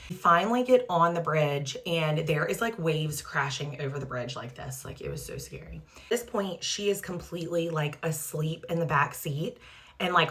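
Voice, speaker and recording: A woman's voice: deep voice, fairly bright tone. A woman in her thirties, a mother casually retelling a frightening family story for her vlog, full of "like" and "um" fillers. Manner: trying a skincare product while talking.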